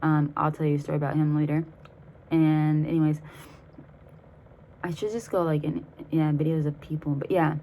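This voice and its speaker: Brief: young woman in her twenties, lowish voice, casual swearing storyteller, faint background noise. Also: fairly even intonation, normal speed, pauses often, dark tone, poor audio. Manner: profane, rambling, laughs while telling. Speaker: vlogger.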